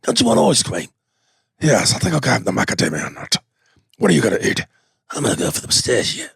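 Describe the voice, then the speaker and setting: A man doing a celebrity impression of a gruff, menacing male action-movie tough guy who makes pleasant chatter sound threatening. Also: mid-range voice, quick pace, no room sound, full character voice. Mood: menacing calm. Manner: deadpan menace over cheerful small talk.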